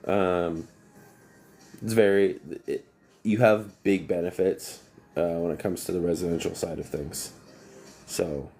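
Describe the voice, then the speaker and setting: A man's voice: deep voice, steady tone, a little slow, pauses often, dark tone. A man who works as an HVAC technician, telling long rambling stories on a casual livestream and breaking off to greet viewers.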